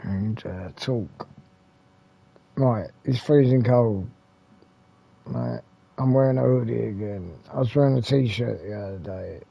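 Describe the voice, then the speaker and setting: A man's voice: lowish voice, expressive, slow, gravelly, pauses often, slightly rough, muffled recording. A man with an English accent, hosting a retro gaming channel, rambling casually with mild swearing and lots of fillers and restarts.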